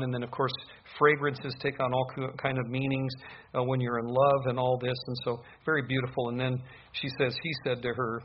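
Guy preaching through a bible passage, reads verses slow then gets emphatic explaining, bit of a dull recording. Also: medium pitch, level tone, a little hiss or hum. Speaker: pastor. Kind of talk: verse-by-verse sermon.

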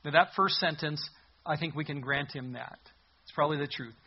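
A man preaching a sermon as a pastor, animated, acting out the voices from the passage as he goes. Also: a little high, brisk, slightly rough, dull audio.

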